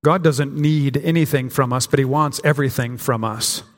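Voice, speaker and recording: A man's voice: mid-range voice, normal speed. A man preaching a sermon as pastor, in a conversational way with frequent restarts and acted-out quotes. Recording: long hall reverb.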